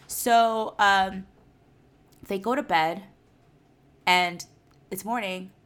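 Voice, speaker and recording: A woman's voice: medium pitch, extremely slow, smooth. A woman co-hosting a podcast, retelling a film in a casual, laughing, profane chat. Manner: animated, laughing storyteller, swears freely. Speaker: podcast co-host.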